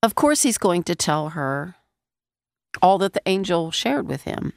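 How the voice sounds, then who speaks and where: A woman's voice: lowish voice, very animated, a little slow, creaky, no echo, studio quality. A woman teaching a Bible passage in a conversational sermon, speaking around a lozenge in her mouth and asking her listeners questions.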